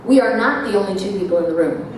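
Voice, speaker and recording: A woman telling a story at a live lecture, animated and confrontational. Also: mid-range voice, fast, noisy background. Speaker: constitutional speaker. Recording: echoey hall from far off.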